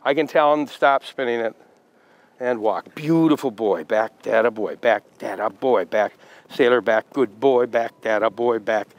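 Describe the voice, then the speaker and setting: A man's voice: medium pitch, moderate pace, low-quality recording. A man training a dog, giving repeated short commands and praise, then casually explaining the progress. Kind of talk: dog training demonstration with commentary.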